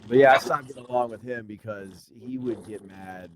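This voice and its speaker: A man guesting on a podcast, telling a story in casual, profane slang and getting animated when he retells exchanges. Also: medium pitch, normal speed. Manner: profane, slangy, says dude and bro a lot.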